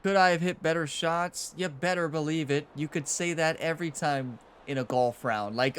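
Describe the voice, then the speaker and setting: A young man talks through a round of a golf video game as the host of his own channel. His voice sits a little higher than most men's, and he keeps chatting and laughing while swinging between frustration and excitement. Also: unhurried, smooth. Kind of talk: casual gameplay commentary.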